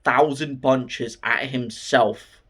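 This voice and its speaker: Man, casual film recap, swears freely, slow delivery. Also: mid-range voice, breathy edge. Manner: profane, excited storytelling. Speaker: film reviewer.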